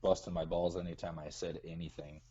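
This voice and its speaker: A man with a Minnesotan accent calling into a live show, laid-back and quick to laugh in casual chat. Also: sits low, flat delivery, dark tone, slightly rough. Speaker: caller. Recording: dull phone-call audio.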